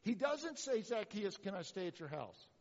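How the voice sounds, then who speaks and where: A man preaching a sermon as pastor, animated, with rhetorical questions and sarcastic asides. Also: high-pitched, normal speed, in a large hall, muffled recording.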